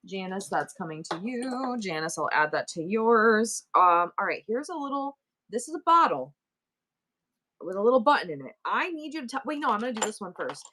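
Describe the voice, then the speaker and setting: A chatty middle-aged woman with a New York accent runs a live selling stream, joking around and thanking viewers as she goes. Her voice sits at an ordinary middle pitch for a woman. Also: sing-song, moderate pace, sharp tone. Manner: chatty, playful, talks straight to viewers. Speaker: livestream seller.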